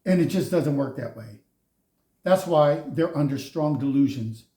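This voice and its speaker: A man's voice: a little high, expressive, unhurried, mellow. A man giving a casual spiritual tarot reading, preachy and mocking, often laughing at those he speaks of. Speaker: tarot reader. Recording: roomy echo.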